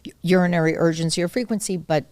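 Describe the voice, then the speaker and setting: A woman's voice: on the low side, fairly even intonation, fast, over a noisy crowd. A middle-aged woman doctor explaining treatment in a casual conversation, emphatic and repeating her key points. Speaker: gynecologist guest.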